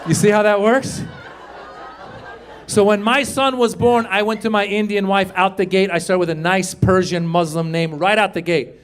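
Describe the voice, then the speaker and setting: A man doing a stand-up comedy set, loudly working the crowd on a club stage. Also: sits high, normal speed. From Iran. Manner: loud animated crowd work. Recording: live club with crowd noise. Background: audience laughter.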